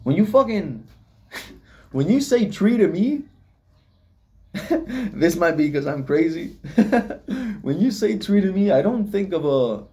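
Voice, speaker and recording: A man's voice: sits high, big pitch swings, slow pace, pauses often, dark tone. A young man rambling philosophically in a casual solo vlog, swearing often and laughing at himself. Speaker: vlogger.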